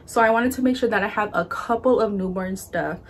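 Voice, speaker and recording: A young woman vlogger chats casually at a slightly quick pace through a baby clothes haul, holding items up to the camera. Her medium-pitched voice sounds a bit breathless and is full of "like" and "um," with faint hiss or hum in the background.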